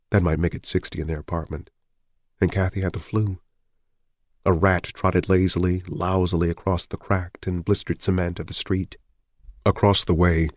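Deep-voiced man narrating somberly. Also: no echo, studio quality. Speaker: audiobook narrator. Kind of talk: scripted narration.

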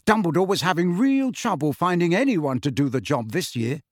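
A man's voice: a little high, expressive, normal speed, no echo, clean studio sound, pitched above the performer's own voice. A man voicing a cheeky teenage wizard twin in an audiobook, teasing and mock-serious. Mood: conversational.

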